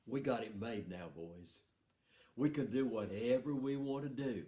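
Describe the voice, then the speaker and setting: A man voicing a mischievous father who talks low and conspiratorially to his sons. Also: unhurried, warm tone, natural voice. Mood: sly. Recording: roomy hall sound.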